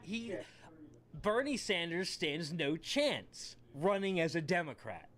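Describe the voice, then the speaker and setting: A man co-hosts a live podcast, sarcastic and opinionated. His voice sits high and swings up and down as he argues. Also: sing-song, slow pace, a bit bright. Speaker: podcast co-host. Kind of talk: casual chat on a live stream.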